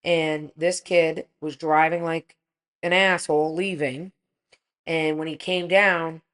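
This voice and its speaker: Mom in her 40s on a podcast, low-ish voice, animated storytelling, swears a lot. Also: takes it slowly. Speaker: podcast co-host. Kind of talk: casual chat.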